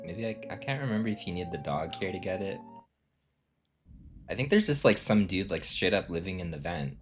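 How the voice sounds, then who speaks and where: Rambling low-voiced man streaming a game. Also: animated, fairly quick. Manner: rambling, filler-heavy, self-amused. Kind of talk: casual game commentary. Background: game music.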